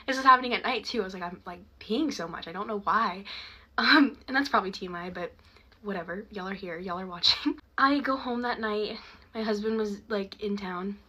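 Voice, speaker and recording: A woman's voice: medium pitch, a little fast, sharp tone. A young woman casually telling a personal story, chatty and laughing often.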